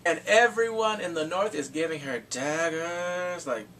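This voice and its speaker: A man giving an excitable, casual spoken review of a TV episode, swinging from mumbles to shouts. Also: on the high side, measured pace, recorded from a distance, a little hiss or hum.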